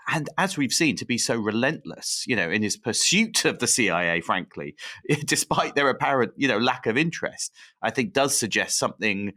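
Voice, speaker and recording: A man's voice: medium pitch, expressive, normal speed, pushed and bright. A man co-hosting a podcast, summing up points and prompting his co-host in casual discussion. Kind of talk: conversational history discussion.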